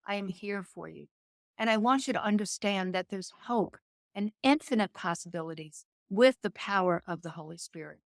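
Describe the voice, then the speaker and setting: A woman guest on a faith and business podcast who speaks in an earnest, measured, motivational way and slows down to stress key words. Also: medium pitch, gravelly, no echo, clean studio sound. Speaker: guest entrepreneur. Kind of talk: faith-based business interview.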